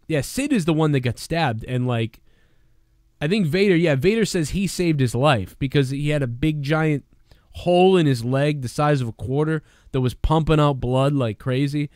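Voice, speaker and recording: A man hosts a live call-in review show, rambling through stories and swearing freely. His voice is smooth and clear, and it sits close and dry with no room sound. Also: medium pitch, a little mellow, no room sound. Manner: rambling, profane, storytelling. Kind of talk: casual call-in chat.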